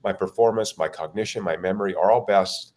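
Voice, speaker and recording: A man's voice: deep voice, a little fast, darkish tone. A man who gives keynote talks, explaining ideas in a casual panel conversation with bursts of energy. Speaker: keynote speaker and guest.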